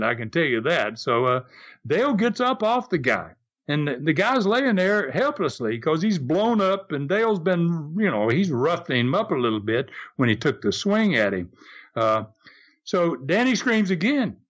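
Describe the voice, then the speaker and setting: An older man with a Southern American drawl spins a story in a relaxed, casual way. His voice sits a touch high and swings widely in pitch, and he often chuckles and acts out the shouts of the people in his tale. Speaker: podcast host telling wrestling stories.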